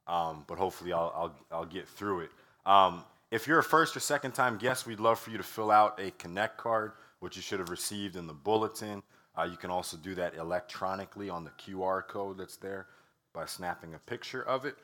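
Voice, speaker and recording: Low-voiced pastor, slightly strained voice. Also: male voice, a little fast, sharp tone. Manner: conversational preaching with frequent "uh" and "um" fillers. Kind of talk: sermon.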